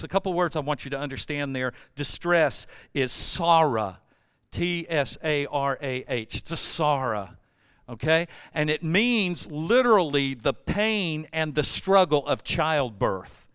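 Smooth-voiced preacher man, emphatic. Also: fairly high pitch, expressive, measured pace, a bit bright, dry recording, studio quality. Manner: emphatic preaching, building to repeated refrains. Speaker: pastor. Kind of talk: sermon.

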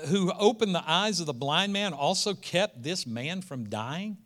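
A man's voice: fairly high pitch, expressive, unhurried, few pauses, bright, forceful tone. A male preacher, reading scripture aloud and breaking into casual asides that build to emphatic peaks. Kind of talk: sermon.

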